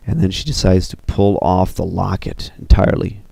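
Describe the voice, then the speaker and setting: A deep, gravelly-voiced man casually retells an animated film, speaking animatedly and a little fast, full of fillers like "you know" and "uh." There's no room sound on the recording.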